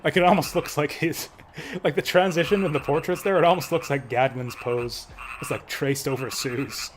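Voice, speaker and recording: A male streamer making relaxed, joking asides while playing a game. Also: fairly high pitch, normal speed, background noise. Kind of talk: casual game commentary.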